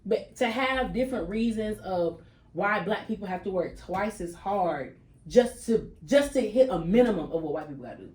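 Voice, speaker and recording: A woman hosting a casual podcast chat, animated and repeating phrases for emphasis. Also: medium pitch, moderate pace. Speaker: podcast host. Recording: echoey room with faint noise.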